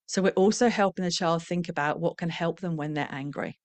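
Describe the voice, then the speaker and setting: A woman's voice: lowish voice, a little fast, no echo. A middle-aged woman who trains professionals in parenting, speaking in a candid, reflective, conversational way and slipping into the voices of the parents and children she quotes.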